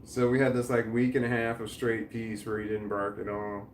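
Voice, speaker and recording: A middle-aged man rambles through his live chat comments, cursing casually and restarting his sentences. His voice sits at a mid pitch. The room gives it a noticeable echo, with faint noise underneath. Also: flat delivery, normal speed, hardly any pauses.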